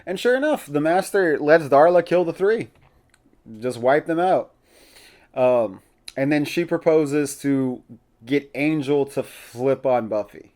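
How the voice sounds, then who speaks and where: A man's voice: on the high side, slow, a little mellow. A man hosting a podcast, casually recapping an episode in a chatty, opinionated way and laughing often. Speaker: podcast host.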